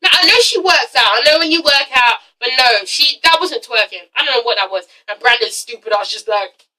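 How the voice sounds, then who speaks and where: A woman's voice: sits high, animated, brisk, pushed and bright, recorded from a distance, low-quality recording. A woman reviewing a TV episode in a casual, gossipy rant, frank and swearing freely. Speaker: TV show reviewer.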